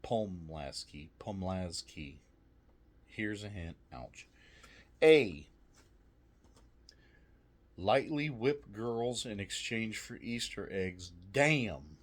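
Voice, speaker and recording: A man's voice: on the low side, lively intonation, slow pace, a bit bright. A man casually reviewing snacks, reading trivia aloud with jokey asides, swearing and laughing often.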